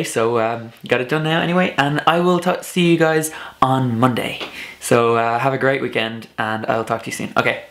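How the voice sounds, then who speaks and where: A young man from Ireland with a soft, slightly Americanized Irish accent, chatting casually on his vlog with lots of uhs and ums. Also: mid-range voice, vocal fry. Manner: rambling, many filler uhs and ums. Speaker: vlogger. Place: home room, dog snoring behind.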